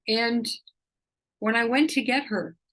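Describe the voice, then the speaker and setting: A middle-aged woman, an animal communicator, telling a rambling, emotional personal story in a gentle way. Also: on the high side, takes it slowly, poor audio. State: tearful at times.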